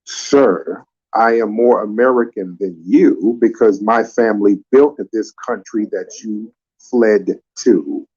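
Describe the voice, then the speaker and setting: Man, low dark voice, slow and deliberate, curtly dismissive host, lo-fi sound. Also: husky. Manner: slow, curt, dismissive, repeating "sir". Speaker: live stream host. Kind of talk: confrontational live debate.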